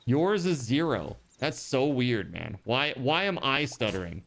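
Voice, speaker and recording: A man streaming a game live, chatting casually with his viewers and thinking out loud. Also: mid-range voice, very animated, a little slow, gravelly, slight background noise. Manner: chatty, talks to chat, trails off and restarts. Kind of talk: casual live-stream chat while gaming.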